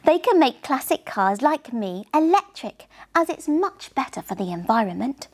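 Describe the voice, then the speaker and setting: A woman voicing Luxie, a proud, bubbly young girl electric car, with a high, excited delivery. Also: normal speed, heavily acted.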